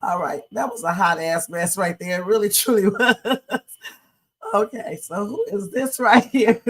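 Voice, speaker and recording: Slow-talking, laughing livestream hostess. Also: female voice, mid-range voice. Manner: laughs often, slangy and profane. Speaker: livestream host. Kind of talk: casual reaction commentary. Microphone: streaming setup.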